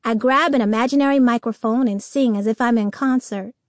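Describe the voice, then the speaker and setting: A woman narrating a first-person children's audiobook in a lively storytelling manner. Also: on the high side, brisk, no echo, clean studio sound.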